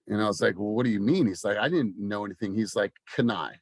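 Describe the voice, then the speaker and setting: A man's voice: lowish voice, fast talker, few pauses, no room sound. Man, thirties, fired-up sales coach, blunt and profane, dry close sound. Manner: passionate, swears, rising to near-shouting. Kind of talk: motivational team meeting talk.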